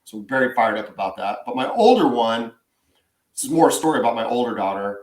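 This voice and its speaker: A very animated man with a mid-range voice co-hosts a casual sports podcast, ranting quickly with strong opinions. The room is echoey.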